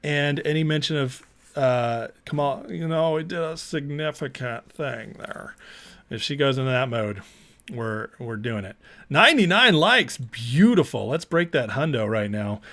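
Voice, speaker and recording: A man's voice: medium pitch, expressive, measured pace, bright, forceful tone. Man, livestream host, casual chat, reads comments aloud, easygoing. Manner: chatty, reads out viewer comments and laughs along.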